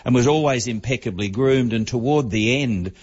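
Gossipy man, husky voice. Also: mid-range voice, moderate pace, a little mellow. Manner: gossipy, chatty storyteller. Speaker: entertainment reporter. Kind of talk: casual radio chat. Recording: dull lo-fi broadcast audio.

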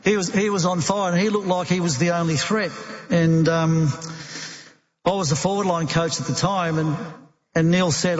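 A man's voice: fairly high pitch, fairly even intonation, a little slow, long pauses. A middle-aged Australian man, a football coach, giving a tribute speech and telling anecdotes with frequent ums. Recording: echoey hall, dull sound.

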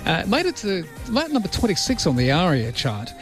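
A man with a high voice and huge pitch swings talks briskly over faint background music. He's an Australian early-morning radio host, chatting about listener texts and reading out the newspaper front pages in a jokey, self-deprecating way. He's in a radio studio on a close studio microphone.

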